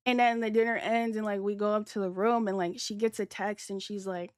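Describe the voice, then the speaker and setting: A woman's voice: steady tone, a little fast, clear, resonant tone, no echo, studio quality. A young adult woman telling a story on a livestream in casual, slangy talk full of "like," acting out quoted lines. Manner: chatty, slangy and profane, heavy use of "like"; acts out quoted lines with big jumps in pitch and loudness. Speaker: streamer. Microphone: streaming setup.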